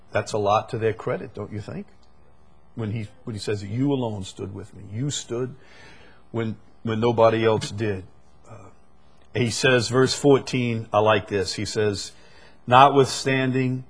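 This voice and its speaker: Husky preacher with emphatic swings. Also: male voice, mid-range voice. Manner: emphatic, swings between loud peaks and quiet asides. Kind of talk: sermon.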